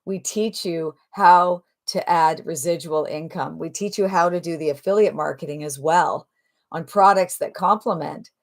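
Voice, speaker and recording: A woman pitches an online program live from her phone, brimming with enthusiasm. She fires off rhetorical questions in a slightly low, persuasive voice. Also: moderate pace. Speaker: online marketing presenter. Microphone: phone livestream.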